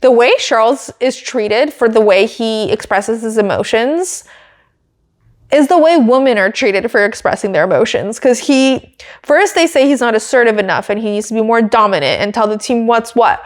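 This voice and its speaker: A young woman hosting a podcast, giving a chatty, giggly, animated race recap. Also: a little high, moderate pace. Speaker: podcast host.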